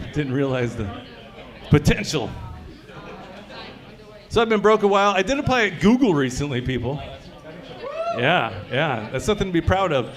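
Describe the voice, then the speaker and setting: A man's voice: fairly high pitch, very animated, moderate pace, long pauses. A man performing a crude, conversational stand-up set at a brewery comedy showcase, often quizzing the crowd.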